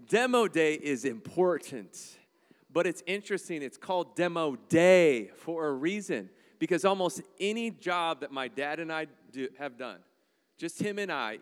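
A man preaching a sermon in an animated, joking way, acting out little voices as he goes. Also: a little high, clear, resonant tone. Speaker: pastor. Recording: long hall reverb.

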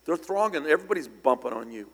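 Older preacher in a reverberant hall. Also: male voice, on the high side, expressive, fast talker, gravelly, slightly rough. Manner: conversational, with sudden loud emphatic bursts. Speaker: pastor. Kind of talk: storytelling sermon. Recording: long church hall reverb.

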